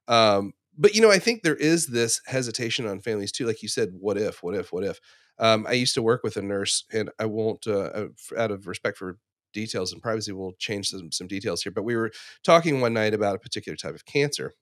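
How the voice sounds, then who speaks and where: A lowish-voiced man in his forties, speaking as a clinician in a thoughtful, unhurried discussion. He tells stories with small restarts and fillers, and the sound is dry and close, with almost no room around it. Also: expressive, a bit bright, dry recording. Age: 40s. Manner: reflective, storytelling with frequent fillers and restarts. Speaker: ICU clinician, podcast co-host. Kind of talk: casual professional discussion.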